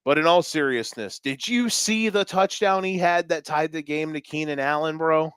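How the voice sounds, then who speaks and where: A man co-hosting a sports podcast, talking fast and animated with swearing and jokes. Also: on the high side, clean tone, no room sound. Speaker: podcast co-host. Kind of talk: excited sports talk.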